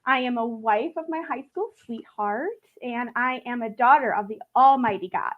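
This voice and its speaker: A middle-aged woman guest on a video call, warm and emotional as she introduces herself. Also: a little high, moderate pace, narrow, tinny audio. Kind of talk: casual self-introduction.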